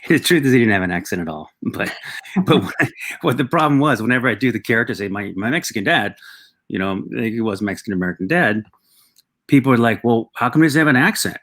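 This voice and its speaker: A middle-aged man, a talk show guest, telling reflective personal stories with halting restarts. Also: lowish voice, lively intonation, a bit bright. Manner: reflective, halting, with frequent restarts and acted quotes.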